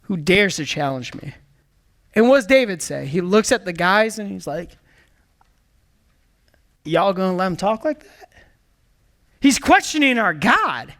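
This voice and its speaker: A man preaching a sermon in an energetic, emphatic way, calling out to the congregation and dropping into hushed low asides. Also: unhurried, long pauses. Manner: swings from excited bursts to hushed low asides. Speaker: pastor.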